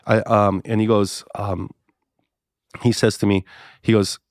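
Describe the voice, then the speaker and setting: Middle-aged pastor, animated storyteller, dry close mic. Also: male voice, unhurried, no room sound. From Hawaii. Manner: animated storyteller, acts out both sides of dialogue with pitch jumps. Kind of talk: casual storytelling podcast interview.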